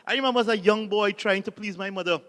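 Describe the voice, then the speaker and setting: A Trinidadian man, a Catholic priest, gives a light-hearted talk that is built on anecdotes and drawn-out punchlines. His voice sits high, and he keeps asking the crowd to repeat lines back to him. The sound carries a long reverb from a large hall. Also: a bit bright. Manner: jokey storyteller, calls on the audience to repeat lines. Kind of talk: humorous motivational talk.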